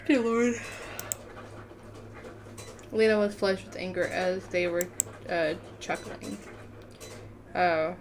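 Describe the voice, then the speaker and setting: A woman's voice: fairly low pitch, slow, pauses often, slight background noise. A woman reading the text of a story game aloud in a casual let's-play manner, often tripping over words and correcting herself. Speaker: gamer reading a visual novel aloud.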